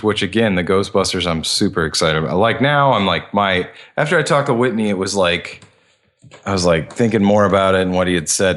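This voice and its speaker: Low-voiced laid-back podcast guy. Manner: relaxed, agreeable, laughs along. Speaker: podcast co-host. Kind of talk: casual chat.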